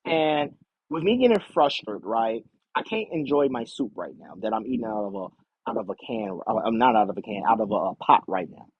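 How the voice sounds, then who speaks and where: A man's voice: lowish voice, lively intonation, slightly rough, no echo, dull audio, pitched below the performer's own voice. A man putting on the voice of a spoiled young woman, whining and pleading with her father for money. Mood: whiny pleading. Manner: whiny, drawn-out pleading with repeated "daddy".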